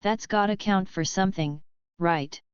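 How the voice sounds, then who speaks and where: A woman's voice: medium pitch, measured pace, clear, resonant tone, no echo, lo-fi sound, lightly acted. A woman voicing a jittery young male speedster who stammers defensively.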